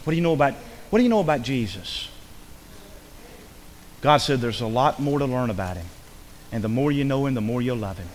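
A man preaching a sermon in a folksy, repetitive way, swinging between loud emphasis and hushed asides. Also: medium pitch, lively intonation, fairly quick, pauses often, slight background noise. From rural upbringing. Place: church. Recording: long hall reverb.

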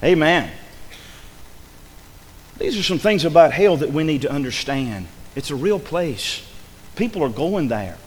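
A man preaching a sermon to his congregation, swinging from loud shouts down to hushed, low pleading. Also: animated, measured pace, long pauses, breathy edge, big-room sound. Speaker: pastor. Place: church sanctuary.

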